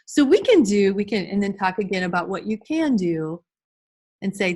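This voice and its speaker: Middle-aged woman teaching teachers on a video call, animated, sing-songy when she acts out class stuff. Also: medium pitch, normal speed, breathy edge. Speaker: early childhood behavior trainer. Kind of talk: online class presentation. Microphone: computer mic on a video call.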